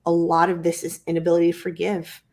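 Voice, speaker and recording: Calm low-voiced woman healer. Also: creaky. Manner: calm, measured, poses rhetorical questions. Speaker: guest energy healer. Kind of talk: wellness chat and reading.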